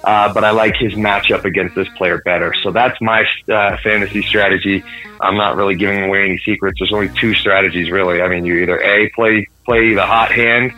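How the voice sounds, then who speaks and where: A man's voice: on the low side, steady tone, brisk, pushed and bright, poor audio. A man in casual sports podcast chat, rambling with many fillers and restarts. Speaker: podcast co-host.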